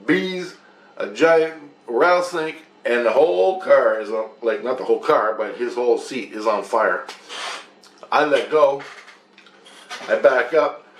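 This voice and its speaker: A man tells a long, rambling story in casual, profane language and retells the events animatedly. His voice is gravelly and sits at a middle pitch. The recording has a roomy echo. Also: lively intonation, unhurried, pauses often, a little hiss or hum.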